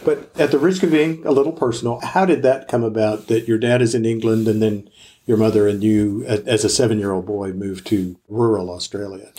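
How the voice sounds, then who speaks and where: A man hosting an interview, asking measured, courteous questions. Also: on the low side, fairly even intonation, mellow. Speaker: interview host.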